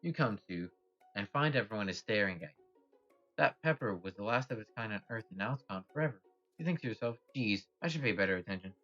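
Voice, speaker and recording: A man's voice: on the low side, lively intonation, quick pace, a bit bright, lo-fi sound, faint music behind. Wry, swearing man reading a game. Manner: wry, swears, comments aloud. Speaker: gamer reading a visual novel. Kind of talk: casual game let's-play narration.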